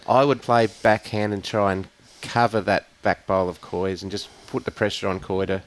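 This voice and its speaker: A man commentating live lawn bowls, calling each shot in a measured way and weighing up the players' options. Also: on the low side, flat delivery, no room sound, poor audio. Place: bowls club.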